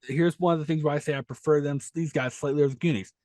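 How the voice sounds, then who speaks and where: A man's voice: a little high, steady tone, racing, a little mellow, no echo, studio quality. A man co-hosting a podcast in casual film-discussion chat, rambling and retelling scenes with enthusiasm. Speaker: podcast co-host.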